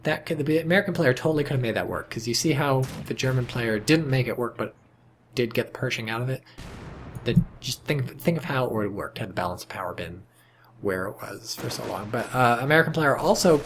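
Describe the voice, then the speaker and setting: A man casually casting a strategy game match, chatty and sardonic, with sudden excited outbursts. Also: medium pitch, fairly quick. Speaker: game commentator. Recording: noticeable background noise.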